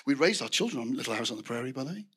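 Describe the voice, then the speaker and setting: A man's voice: mid-range voice, very animated, racing, a bit bright, slightly rough. A middle-aged man preaching a sermon, telling anecdotes with restarts and asides to the congregation.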